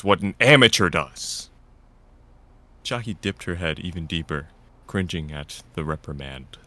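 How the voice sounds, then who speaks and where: A man's voice: deep voice, measured pace, pushed and bright. A man reading a visual novel aloud in first person, narrating and voicing the stern lead. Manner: stern and lecturing in dialogue.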